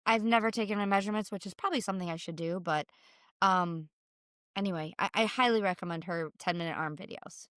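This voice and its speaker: A woman's voice: on the low side, quick pace, fairly bright tone, no echo, clean studio sound. Chatty woman co-host saying "like". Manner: chatty, fills talk with "like", and acts out inner thoughts. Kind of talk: casual podcast chat.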